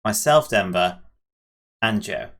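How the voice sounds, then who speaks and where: A man's voice: lowish voice, expressive, takes it slowly, fairly bright tone. A young man hosting a casual album review podcast with friends, plain and matter-of-fact. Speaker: podcast host. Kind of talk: casual chat.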